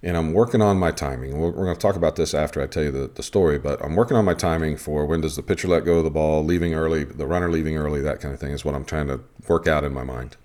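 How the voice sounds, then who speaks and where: Very deep-voiced man telling a story. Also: fast talker, hardly any pauses. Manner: animated retelling of a game story. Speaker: podcast host and umpire. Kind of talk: casual podcast storytelling.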